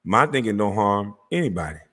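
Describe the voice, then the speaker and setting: A middle-aged man hosting his own channel, delivering an angry, profane rant to camera, mocking and confrontational, breaking into laughs and shouts. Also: lowish voice, sing-song, fairly quick, slightly rough. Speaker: channel host. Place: Georgia, USA.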